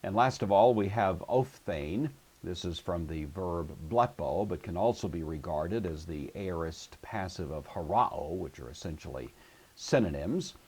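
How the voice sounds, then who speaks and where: Casting: deep-voiced male teacher, husky, patient and methodical lecture delivery. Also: animated, a little mellow. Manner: methodical, patient explaining with slow, drawn-out example words. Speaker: Greek teacher. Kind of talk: recorded grammar lecture.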